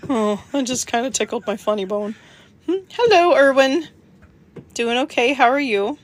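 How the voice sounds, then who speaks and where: A woman's voice: high voice, lively intonation, normal speed. Chatty woman talking to her dog. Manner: chatty, laughs often, baby-talks to her dog. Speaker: livestream host. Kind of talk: casual livestream chat.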